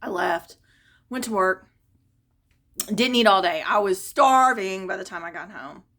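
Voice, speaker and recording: In a casual vlog, a woman with a mid-range voice shares a personal family story, speaking a little slowly. She is conversational and expressive, growing wistful as she reflects.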